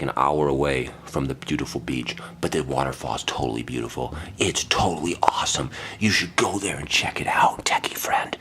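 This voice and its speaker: A man's voice: low-pitched, a bit bright, a little hiss or hum. A man doing a sarcastic comedic rant from home, taunting and repeating his jabs with fake apologies. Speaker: comedy vlogger.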